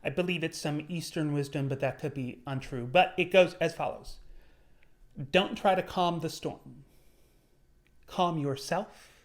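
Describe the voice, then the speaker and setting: A young man giving an earnest, measured motivational talk on his video channel, slowing down on key words. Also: on the high side. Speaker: YouTuber. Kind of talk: motivational vlog monologue.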